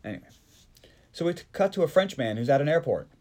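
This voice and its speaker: A man's voice: a little high, expressive, quick pace, darkish tone. A man hosting a podcast, recapping a movie in casual chat and joking as he tries out character voices. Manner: joking, mock-doing character voices and accents. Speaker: podcast host.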